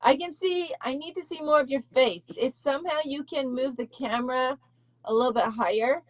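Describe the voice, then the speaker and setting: A bubbly woman with a high voice hosts a live online talk show. She is chatty and upbeat, laughs often, and keeps encouraging her guest. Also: normal speed. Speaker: host. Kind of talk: live video call interview.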